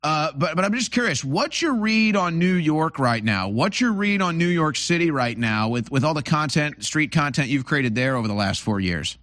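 A man's voice: on the high side, animated, normal speed, few pauses, a bit bright, dry recording, studio quality. A man hosting an interview, talking in a rambling, opinionated way with lots of restarts. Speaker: host. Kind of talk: casual interview talk.

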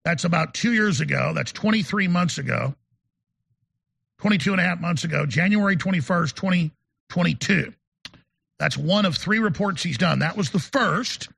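Gravelly high-voiced man ranting. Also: normal speed, a bit bright. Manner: emphatic, rambling, repeats words. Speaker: show host. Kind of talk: talk radio monologue.

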